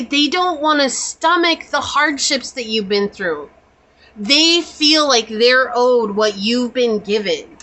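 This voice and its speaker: A woman's voice: a little high, lively intonation, slow pace, sharp tone, poor audio. A woman doing a pick-a-card tarot reading, talking in a chatty, reassuring, spiritual way with many casual fillers. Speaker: tarot reader.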